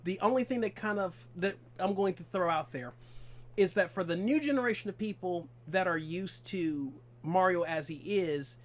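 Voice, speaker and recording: A man with a somewhat higher voice, chatting casually as a gaming co-host. He restarts his sentences and hunts for words, repeating bits before he gets to his point. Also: normal speed. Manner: stammering restarts, hunting for words. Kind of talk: casual livestream chat.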